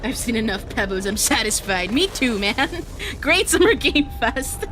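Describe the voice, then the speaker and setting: Excitable high-voiced streamer woman. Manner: excitable, shrieks and laughs often. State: strained voice. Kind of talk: live reaction commentary.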